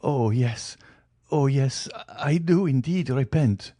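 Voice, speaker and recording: A man's voice: slow, mellow, no room sound, clean studio sound. A man voicing a starving old male banker held prisoner, pleading in a raised, desperate voice. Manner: desperate, high-pitched begging.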